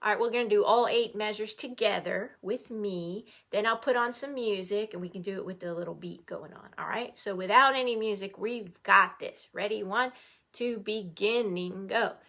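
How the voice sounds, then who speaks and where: A middle-aged woman teaching an online music lesson to children, playful and animated, cheering the class on. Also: mid-range voice, normal speed.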